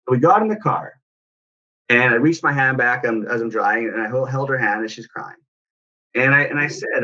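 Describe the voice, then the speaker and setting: Male parenting coach, earnest and reflective, bright forceful voice, lo-fi recording. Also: medium pitch, normal speed. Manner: earnest, reflective storytelling with restarts. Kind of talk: personal story in casual talk.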